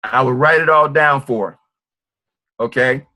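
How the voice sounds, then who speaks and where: A man giving an informal sales training talk, fast and acting out sales calls. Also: mid-range voice, pushed and bright. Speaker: network marketing trainer.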